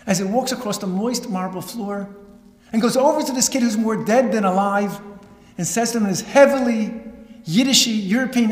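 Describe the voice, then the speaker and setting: Animated man telling a story in an echoey hall. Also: sits high, brisk. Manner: dramatic, animated storyteller with wry asides. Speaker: rabbi and lecturer. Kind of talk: storytelling lecture. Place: synagogue hall. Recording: echoey hall with long reverb.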